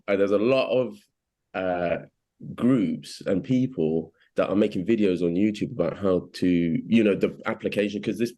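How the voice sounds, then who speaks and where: Deep-voiced English man, chatty and halting. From England. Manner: hesitant, many restarts and fillers, animated when quoting. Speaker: actor being interviewed. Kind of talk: casual interview chat.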